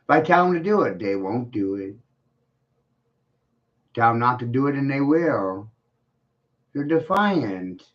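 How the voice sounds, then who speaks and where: A man rants at a slow, drawn-out pace, swearing often and mocking his listeners with laughter. The sound is muffled and lo-fi, as from a home vlog. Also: medium pitch, very animated. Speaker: video blogger. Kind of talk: profane rant to the camera. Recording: dull lo-fi sound.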